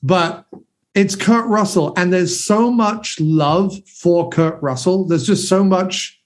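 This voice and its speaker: A man's voice: high voice, slow. A man in his forties, a podcast guest, chatting casually and enthusiastically and swearing freely. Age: 40s. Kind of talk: casual chat.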